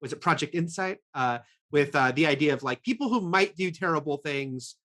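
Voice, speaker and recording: A man co-hosting a casual TV review chat, rambling with many fillers and quick laughs. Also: fairly high pitch, lively intonation, fairly bright tone. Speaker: film and TV critic co-host.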